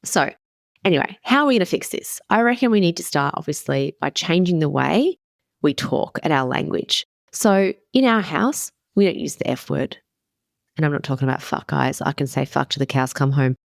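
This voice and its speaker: Blunt, gravelly-voiced woman podcast coach. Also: sits low, animated, normal speed, no echo, clean studio sound. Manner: candid and emphatic, swears casually. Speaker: podcast host and wellness coach. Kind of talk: casual motivational podcast talk.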